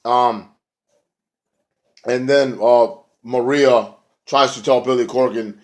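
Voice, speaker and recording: A man's voice: medium pitch, steady tone, takes it slowly. Rambling, profane man recapping wrestling. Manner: rambling and profane, acts out quotes. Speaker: wrestling show reviewer. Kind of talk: casual recap rant.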